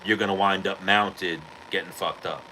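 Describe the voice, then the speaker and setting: A man with a fairly low voice tells stories on his podcast in loose, profanity-laden chat. He acts out what people said as he goes. There is a faint hiss of noise behind him. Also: normal speed, poor audio. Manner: profane, animated storytelling with acted-out quotes. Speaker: podcast host. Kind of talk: casual storytelling chat.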